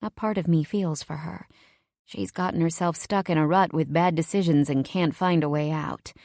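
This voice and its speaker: A woman reads a first-person romance novel aloud, expressive and measured. Her voice is on the low side and sounds dry and close, with no room around it. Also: no room sound. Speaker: audiobook narrator.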